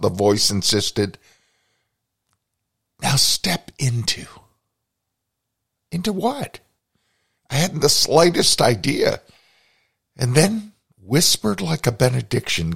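A man's voice: fairly low pitch, vocal fry, husky. A man hosting a podcast, telling a personal story in a reflective, confessional way. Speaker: podcast host.

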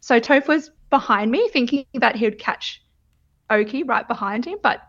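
Chatty woman, a bit high. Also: normal speed, a bit bright. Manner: candid, chatty, laughs often, swears. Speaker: guest telling her birth story. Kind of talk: casual chat. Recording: dull lo-fi sound.

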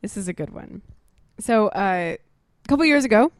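A woman chatting on a podcast, telling stories with lots of animation and plenty of swearing. She acts out other people's lines as she goes. Her voice sits at an ordinary middle pitch, recorded close and dry. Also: normal speed, dry recording. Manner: animated storyteller, swears freely, acts out quotes. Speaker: podcast co-host. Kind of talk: casual chat.

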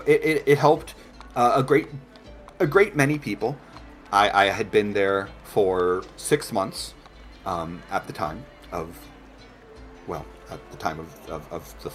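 A blind, burn-scarred assistant speaks gently and politely, stumbling over his words, as a man puts him on. The voice sits very low, and faint music plays in the background. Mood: courteous. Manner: gentle, halting, stammering.

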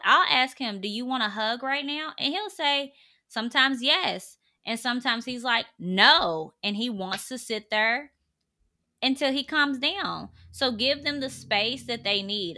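A woman's voice: on the high side, expressive, a little slow, sharp tone. A young pregnant woman talking casually and earnestly to parents, giving direct, conversational advice.

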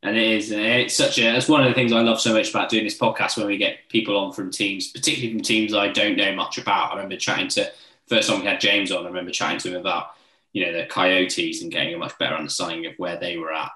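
A man co-hosting a casual podcast, jokey and quick to laugh. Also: deep voice, bright, forceful tone, echoey room, rough recording. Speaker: podcast co-host.

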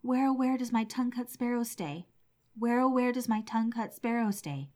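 A woman's voice: mid-range voice, animated, brisk, darkish tone, lightly acted. A woman voicing a kind-hearted old man in a storybook, anxious and pleading over his lost pet. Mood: calling.

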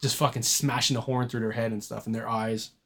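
A man's voice: mid-range voice, little pitch movement, a little fast, fairly bright tone. A young man co-hosting a casual horror movie podcast, laid-back, laughing often and swearing freely. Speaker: podcast co-host. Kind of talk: casual chat.

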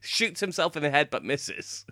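A man's voice: on the high side, lively intonation, moderate pace, sharp tone, no room sound, studio quality. A man co-hosting a podcast, explaining lore in casual chat and laughing often. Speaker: podcast co-host.

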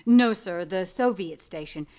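An actress playing a brisk female radio officer reporting to her admiral. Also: fairly low pitch, expressive, darkish tone.

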